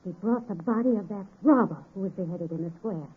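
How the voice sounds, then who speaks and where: A woman's voice: medium pitch, fast talker, close to an everyday voice. An actress plays a worried housekeeper who frets and complains in a 1930s radio play. Her voice comes through thin and tinny like an old broadcast, with a faint hiss. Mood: fretful. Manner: anxious, complaining. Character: Madam Morris, fretful middle-aged housekeeper. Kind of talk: 1930s radio drama acting.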